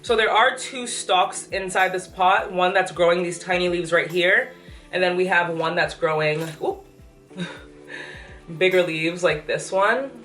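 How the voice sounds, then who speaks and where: A young pregnant woman, a plant vlogger, chats eagerly and a little breathlessly through a casual update on her plants in an apartment room full of greenery. Her voice is on the low side, unhurried and fairly bright. The recording sounds echoey and distant, with faint music behind her.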